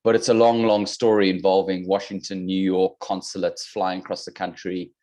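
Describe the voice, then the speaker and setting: A man's voice: sits low, flat delivery, normal speed, a little mellow. A man with a South African accent, a podcast guest chatting casually over a video call with dry, joking humor. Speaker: podcast guest, fitness coach.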